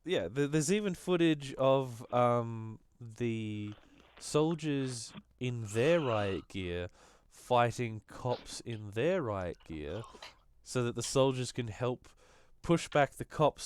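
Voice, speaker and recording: A man hosting a casual political podcast, rambling and halting with frequent fillers. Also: medium pitch, smooth. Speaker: podcast host. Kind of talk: casual leftist podcast chat.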